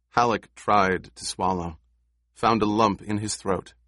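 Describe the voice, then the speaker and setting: Male audiobook narrator, slow and even, low voice, dry studio sound. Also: dry recording. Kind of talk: scripted narration.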